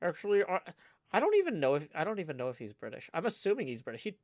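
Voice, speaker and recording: A man's voice: on the high side, wildly swooping pitch, very fast, darkish tone, no room sound, clean studio sound. A man chatting casually on a livestream, rambling and playful with lots of restarts. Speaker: livestreaming gamer.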